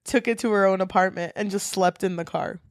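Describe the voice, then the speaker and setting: Woman, podcast co-host, casual book chat, candid, swears, mid pitch, dry close mic. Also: fairly even intonation, a little fast, dry recording. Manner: loose and candid, swears freely, quotes characters dramatically.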